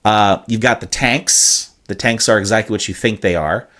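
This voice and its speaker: A man's voice: fairly low pitch, moderate pace, fairly bright tone. A man co-hosting a casual podcast, explaining things at length with hyperbole, cursing and many "uh"s. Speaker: podcast co-host.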